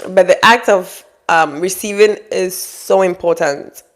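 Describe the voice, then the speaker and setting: A woman talking straight to her audience with relationship advice, bluntly scolding and acting out quoted people in high mock voices. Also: a little slow. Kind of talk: direct-to-camera advice monologue.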